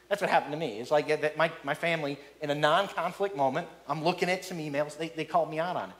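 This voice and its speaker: A middle-aged man preaching a sermon as a pastor, animated, often repeating words and acting out the people he quotes. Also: high-pitched, fast talker, hardly any pauses.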